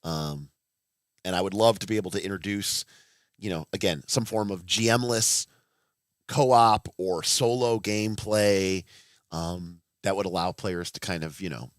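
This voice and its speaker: A man in his thirties talks off the cuff on a livestream, his voice sitting low. He rambles, cuts himself off and restarts, and swears bluntly. The sound is dry and close, with no room echo. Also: measured pace. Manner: rambling, self-interrupting, blunt and profane. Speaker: livestream host. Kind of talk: casual livestream chat.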